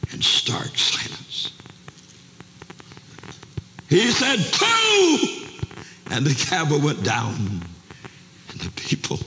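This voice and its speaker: An older man preaching a dramatic sermon to a large camp meeting, acting out each character's voice, shouting one moment and whispering the next. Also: sits low, gravelly. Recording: live sermon recording, long hall reverb, faint noise.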